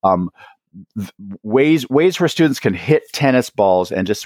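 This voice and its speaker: A man speaking as an interview guest, his pitch rising and falling a lot as he acts out little scenes between teachers and students. The sound is close and dry, with no room behind it. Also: no echo. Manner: animated, acts out teachers and students in quick asides. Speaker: guest, author and educator. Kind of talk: podcast interview.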